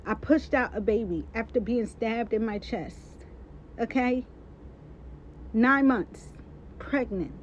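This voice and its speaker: High-voiced woman ranting with heat. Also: slow, pauses often, a little hiss or hum. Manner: emphatic, repeats points, heated. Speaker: social media personality. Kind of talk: impassioned live-stream rant. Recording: dull lo-fi sound.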